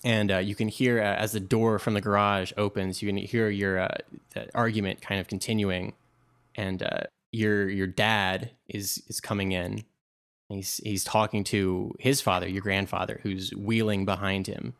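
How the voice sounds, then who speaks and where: A man's voice: lowish voice, little pitch movement, normal speed, vocal fry, fairly bright tone. A man narrating a tabletop game as game master, rambling and full of fillers.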